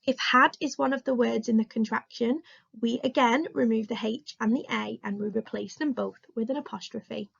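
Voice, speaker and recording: An English woman teaching a recorded remote lesson to young children, speaking slowly, clearly and encouragingly. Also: fairly high pitch, lo-fi sound. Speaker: primary school teacher.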